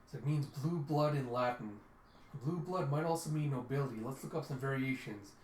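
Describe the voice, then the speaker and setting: A man's voice: mid-range voice, normal speed, a little hiss or hum. Chatty man in an echoey room. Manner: chatty, loose retelling. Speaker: reader. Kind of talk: casual comic readthrough. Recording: roomy echo.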